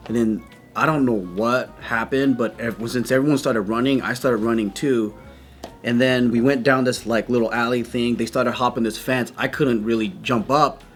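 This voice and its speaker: A male co-host with a middle-pitched voice, telling a story in a loose, relaxed way. Soft music plays faintly in the background. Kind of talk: casual podcast chat.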